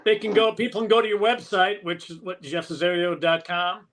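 A male co-host with a notably high voice chats casually with a guest. He keeps his remarks short and jokey. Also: fairly even intonation, brisk, fairly bright tone. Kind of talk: casual interview chat.

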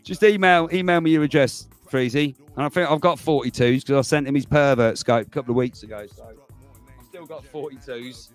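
A man's voice: medium pitch, a little fast, soft background music. A man hosting a livestream, chatting casually to viewers, rambling and laughing as he goes. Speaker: livestream host.

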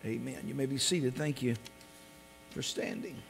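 A man preaching a sermon as pastor. He builds up to loud, drawn-out scripture readings and sinks to a soft voice in prayer. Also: vocal fry. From came to North Carolina at seventeen. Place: church sanctuary. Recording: long reverb of a church hall with a low mains hum.

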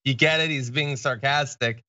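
A man hosting an online political talk show, mocking quotes with deadpan sarcasm. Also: mid-range voice, normal speed, highs cut off. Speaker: show host.

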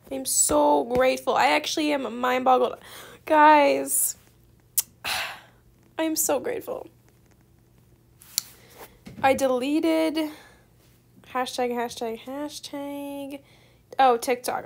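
Young female student gamer, gushing and excitable; high-pitched with a gravelly fry. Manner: gushing, effusively grateful, giggly. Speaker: gaming video creator. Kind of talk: excited gameplay commentary.

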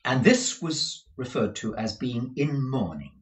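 A man reading a classic novel aloud, in a measured, expressive storytelling manner, with a few explanatory asides. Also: mid-range voice. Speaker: narrator. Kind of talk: audiobook reading with commentary. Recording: roomy echo.

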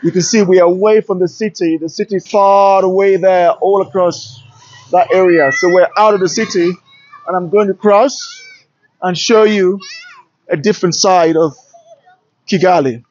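A travel vlogger with a British-influenced Nigerian accent walks city streets outdoors, talking to camera with enthusiasm and strong opinions. His voice is high and a little mellow at a normal speed. It's filmed handheld on a smartphone, so the audio is lo-fi.

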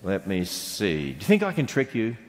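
A man's voice: on the low side, wildly swooping pitch, moderate pace. A middle-aged Australian man giving a playful church talk to children and quizzing them on the answers. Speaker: speaker to children. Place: large church hall. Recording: long hall reverb.

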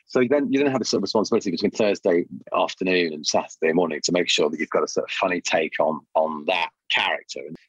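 Male podcast guest, low raspy voice, animated storyteller, lo-fi dry line. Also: no echo. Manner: lively, animated storytelling with quick voice changes. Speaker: guest, puppeteer and voice artist. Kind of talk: casual interview chat. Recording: dull lo-fi dry sound.

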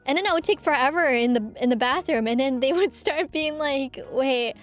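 A woman's voice: high-pitched, a little fast. A young woman in a casual chat, telling stories with a giggle and acting out quotes. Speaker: guest streamer.

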